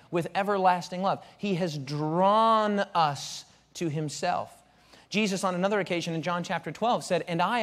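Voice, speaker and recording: A man preaching a sermon as a pastor, animated, asking rhetorical questions, often restarting his phrases. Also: sits high. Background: audience present.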